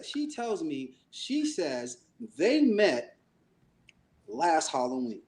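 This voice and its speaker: A man's voice: high voice, wildly swooping pitch, a little slow, a little mellow. A man co-hosting a podcast, telling a story in casual chat, acting out the voices he quotes and swearing freely. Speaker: podcast co-host.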